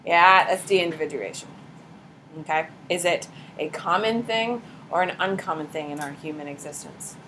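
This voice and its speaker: A woman's voice: on the low side, moderate pace, slight background noise, rough recording. A woman in her thirties, a teacher giving a chatty classroom lecture and quizzing her students. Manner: lively, chatty, asks the class questions.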